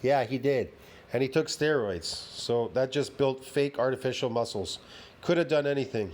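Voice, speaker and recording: A man's voice: medium pitch, normal speed, a little mellow. A man ranting heatedly and profanely as he reacts to a fitness video, repeating himself and swearing often.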